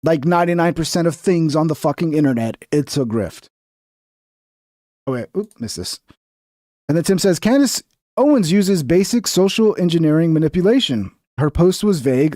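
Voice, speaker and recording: A man reacts to clips on a stream, ranting with sarcasm and plenty of swearing. His voice sits a bit high for a man. The sound is dry, with no room echo. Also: warm tone. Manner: sarcastic, profane, mocking rant. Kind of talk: profane reaction commentary.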